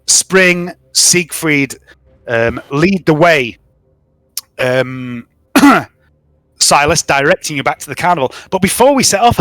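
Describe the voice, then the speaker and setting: A man's voice: fairly high pitch, fairly bright tone, dry recording. A man running a tabletop game, narrating casually with lots of ums and swearing. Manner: rambling, profane, many ums. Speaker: game master.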